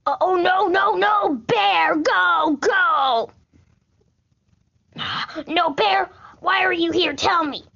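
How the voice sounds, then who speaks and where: A woman's voice: extremely high pitch, slow pace, vocal fry, long pauses, sharp tone, highs cut off, exaggerated voice. A woman playing a rambling, easily frightened male president in a homemade comedy skit.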